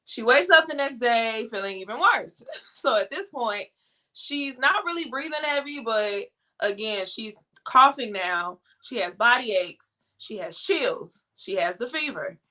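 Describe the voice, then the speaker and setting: Bright-voiced woman telling an animated story. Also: a little high, a little slow. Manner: animated, acts out family quotes. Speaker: guest. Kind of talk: casual storytelling.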